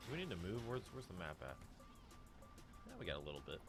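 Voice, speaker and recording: A man chatting casually with teammates while playing a game live, prone to excited outbursts. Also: low-pitched, fast talker, music in the background. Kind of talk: casual gaming chat.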